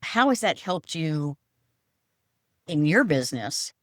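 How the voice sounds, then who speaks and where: A woman's voice: sits low, sing-song, takes it slowly, fairly bright tone, no echo, studio quality. A woman hosting a podcast, asking questions and sharing stories in a chatty, friendly way. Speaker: podcast host. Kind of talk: casual podcast interview. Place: Florida Gulf coast.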